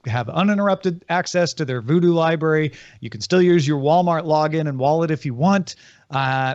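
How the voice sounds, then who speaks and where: A man with a fairly high voice reads streaming news on a podcast, brisk and exact, correcting his co-hosts. The sound is dry and a bit dull, like a cheap home mic. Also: no echo. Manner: brisk, precise, corrects facts. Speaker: podcast co-host. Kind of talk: casual chat, reading news items.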